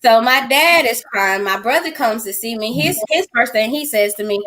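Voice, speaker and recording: High-voiced woman telling her story animatedly. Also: normal speed, few pauses, rough recording. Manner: acts out quoted dialogue in lively voices. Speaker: interview guest sharing a testimony.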